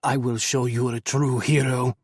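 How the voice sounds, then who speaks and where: A man's voice: medium pitch, level tone, normal speed, husky, no room sound, clean studio sound, lightly acted. A male audiobook narrator voicing a desperate male informant who pleads and wails. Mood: fervent. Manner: pleading, then wailing. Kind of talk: audiobook character voice.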